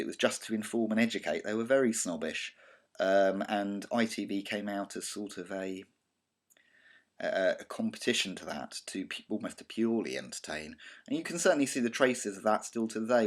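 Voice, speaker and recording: A British man with a southern English accent and a lowish voice gives a recorded lecture over slides as a college media teacher. He's chatty and digressive, full of ums and restarts, with a slight cough.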